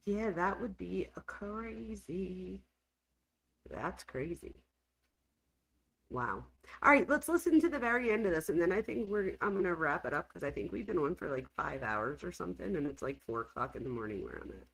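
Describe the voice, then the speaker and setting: A woman's voice: fairly low pitch, big pitch swings, normal speed, creaky, husky, poor audio. A woman hosting a true crime livestream, chatting casually and reacting with exclamations. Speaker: true crime show host.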